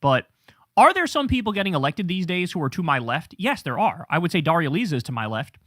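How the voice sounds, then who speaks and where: A middle-aged man delivers a heated political monologue, his pitch leaping all over the place as he swears and mimics his opponents. The voice is bright and forceful. The sound is dry and close, with no room around it. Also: fast talker, no room sound. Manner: profane, animated, mocking impressions of opponents. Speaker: political commentary host. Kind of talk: ranting political commentary.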